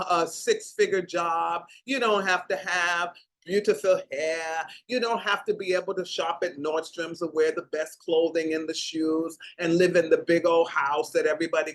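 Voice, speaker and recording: A woman's voice: fairly low pitch, fairly even intonation, normal speed, a bit bright, rough recording. An older woman hosting a heartfelt talk show, speaking in an emotional way and stretching out her words. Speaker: host.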